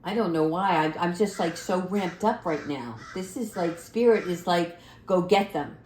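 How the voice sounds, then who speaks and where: A middle-aged woman giving a spiritual tarot card reading in a gentle, encouraging, affirming way. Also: fairly low pitch, normal speed, a little hiss or hum. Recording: echoey room.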